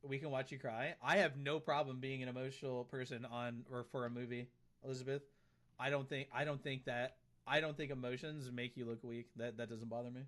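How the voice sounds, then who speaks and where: A man's voice: medium pitch, fairly even intonation, a little fast, a bit bright. A man streaming live, chatting casually and reading out and answering comments from his chat, often repeating himself.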